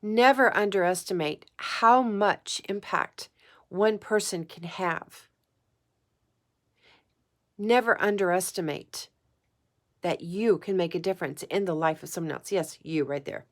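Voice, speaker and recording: A woman's voice: on the low side, measured pace, long pauses. A woman talking straight to the camera in a heartfelt personal vlog, earnest and emotional, repeating phrases for emphasis and close to tears. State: tearful at times. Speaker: psychic vlogger. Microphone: camera mic, talking to camera.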